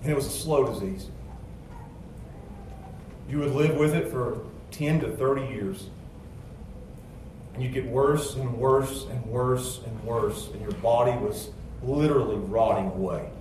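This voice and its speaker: A man preaching a sermon, moving between quiet, low storytelling and loud, emphatic passages. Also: measured pace, long pauses, a little hiss or hum. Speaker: pastor. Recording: echoey church sound from a distance.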